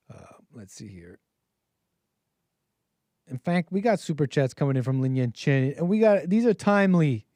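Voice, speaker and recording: A man's voice: fairly high pitch, mellow, dry recording. A man in his thirties hosting a call-in livestream, talking casually in a rambling way, chuckling often and reading viewer messages aloud. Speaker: host of a call-in stream.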